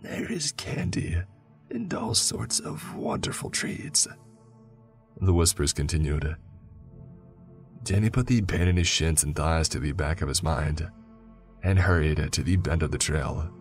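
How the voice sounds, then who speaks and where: A man reading a first-person horror story in a measured, scripted narration. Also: a bass voice, faint music behind.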